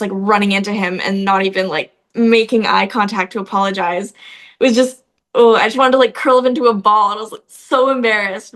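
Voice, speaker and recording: A woman's voice: mid-range voice, a bit bright. Chatty young woman telling stories. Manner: chatty storytelling, frequent "like" fillers. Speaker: actress, guest. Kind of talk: casual interview chat.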